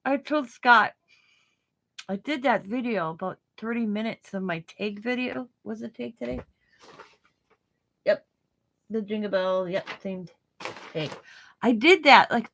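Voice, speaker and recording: A woman's voice: medium pitch, fairly bright tone. A woman hosting her craft channel, chatting casually as she works. She rambles, giggles often, repeats herself and has a light stutter. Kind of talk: casual chat while crafting.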